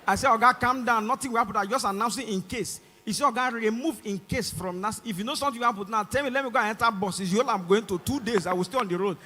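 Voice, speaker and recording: Stand-up comic, Nigerian man, Nigerian accent, high-pitched and piercingly bright, live mic with faint hum. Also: fast, hardly any pauses, big-room sound. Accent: Nigerian English. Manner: acts out both sides of the dialogue, rising to shouts. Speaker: stand-up comedian. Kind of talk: stand-up comedy. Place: large concert stage.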